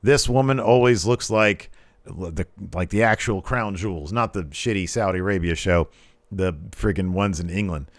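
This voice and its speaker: A young adult man hosts wrestling videos, offering chatty, sarcastic commentary over the footage and rambling a little. His voice is low-pitched at a moderate pace, with no room sound.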